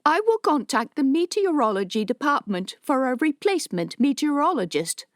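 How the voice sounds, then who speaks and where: A woman's voice: high-pitched, very animated, moderate pace, no echo, studio quality, voice pushed up. A woman voicing an exhausted young male student from the city, who talks in a strained, raised, pleading voice.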